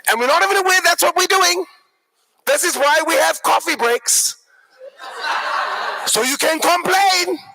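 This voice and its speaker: A man giving a live motivational workshop talk, an animated, joking storyteller who addresses the audience directly. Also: very high-pitched, a little slow, vocal fry, pauses often, noisy background. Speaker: workshop speaker.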